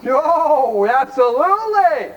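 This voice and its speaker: Man, very high voice, folksy, blunt, workshop speaker, quizzes the crowd. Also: sing-song, slow pace, muffled recording. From Cleveland, Ohio, United States. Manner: folksy, blunt, quizzes the audience with rhetorical questions. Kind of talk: folksy recovery workshop talk to a live audience.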